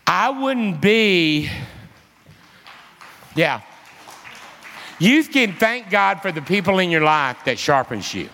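High, lively preacher, reverberant hall. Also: male voice, slow, pauses often. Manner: animated, drawling storyteller. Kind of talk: sermon with personal storytelling.

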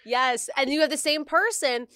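A woman's voice: sits high, moderate pace, pushed and bright, dry recording, studio quality. A woman hosting a casual chat, self-deprecating and chatty, saying "like" often.

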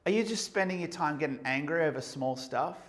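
A man preaching a sermon, moving between quiet reflective questions and loud, emphatic passages. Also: on the high side, lively intonation, brisk.

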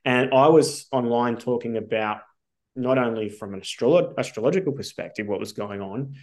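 An Australian man talking as a podcast guest at a mid-range pitch. He tells his story casually and with energy, swears freely and fills his sentences with ums and likes. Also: normal speed. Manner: animated, swears casually, many fillers.

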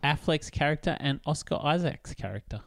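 A man hosting a podcast, chatting casually, enthusiastic, with quick affirmations as he steers the talk. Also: on the high side, lively intonation, creaky, fairly bright tone, no echo, clean studio sound. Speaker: podcast host. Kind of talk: casual chat.

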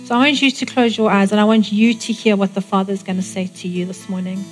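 A woman preaching in a church and declaring blessings in a steady mid-range voice. She speaks emphatically and repeats her phrases. Faint guitar plays softly behind her. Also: medium pitch, quick pace. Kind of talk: sermon with prayer and blessing.

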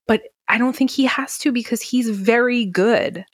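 A woman co-hosting a podcast, recapping a movie plot in casual chat, full of "like" and quick asides. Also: a little high, dry recording, studio quality. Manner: chatty, recaps plot with frequent "like" and laughs. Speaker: podcast co-host.

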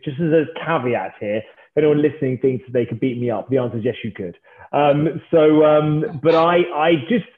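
Guy, 30s, chatty founder, jokes at his own expense, lots of likes and ums, phone-line tinny. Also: mid-range voice. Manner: animated, self-mocking, many fillers. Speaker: startup founder guest. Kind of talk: casual storytelling chat.

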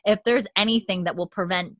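A woman's voice: medium pitch, steady tone, a little fast, a bit bright, dry recording, clean studio sound, natural voice. Woman putting on a bitter vengeful Scotswoman. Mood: scheming. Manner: mock old-fashioned Scottish brogue. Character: bitter vengeful Scottish woman, jealous and scheming.

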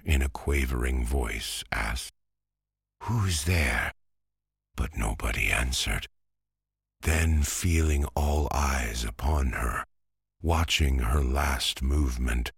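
A man narrating a classic novel as a bedtime story, soft and lulling. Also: rumbling low, creaky, slightly rough, no echo, studio quality.

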